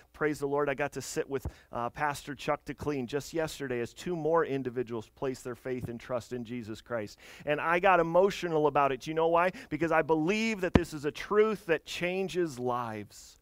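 A man's voice: medium pitch, no echo. A man in his thirties or forties preaching a sermon as pastor, earnest, asking the congregation direct questions.

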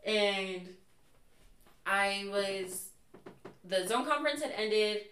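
A young adult woman speaks in a mid-range voice with drawn-out words, appearing as a guest in a casual chat. She tells stories candidly and animatedly, acting out people's quotes, while slight background noise and a roomy echo come through with her voice far from the mic.

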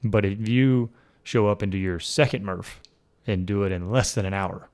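A man with a low voice hosts a relaxed podcast chat. He teases his guest in a playful way and laughs a lot. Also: normal speed. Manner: playful, teasing, laughs often. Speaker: podcast host. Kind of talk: casual chat.

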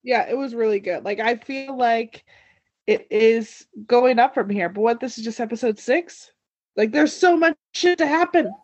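A woman with a high, husky voice co-hosts a casual podcast. She reacts with emphatic disbelief. The recording is dry and dull. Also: moderate pace, a little mellow, no echo. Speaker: podcast co-host. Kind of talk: casual TV recap chat.

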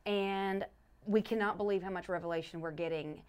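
A woman's voice: mid-range voice, fairly even intonation, moderate pace, a crowd in the background. A middle-aged woman, a pastor's wife co-hosting a faith podcast, explaining a Bible study method earnestly, with many restarts and repeated verses. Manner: earnest, restarts often, repeats scripture with stress on each word. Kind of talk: casual faith podcast teaching.

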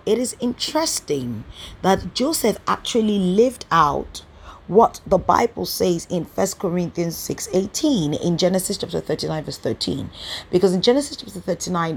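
A woman's voice: fairly low pitch, lively intonation, normal speed, slightly rough. A woman teaching a Bible study, emphatic and fond of rhetorical questions, stressing key words with sudden bursts.

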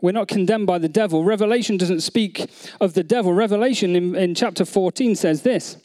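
A man's voice: high-pitched, a little fast, few pauses, darkish tone. A man preaching a sermon, earnest, repeating phrases and asking the congregation questions. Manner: earnest, many restarts, repeats phrases, asks the audience questions. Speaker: pastor.

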